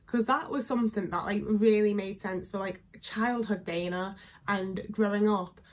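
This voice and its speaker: A woman's voice: medium pitch, steady tone, moderate pace. A young woman with a northern English accent chatting casually to camera, full of filler words. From England. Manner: chatty, lots of fillers, candid. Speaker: vlogger. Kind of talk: casual talking-head chat.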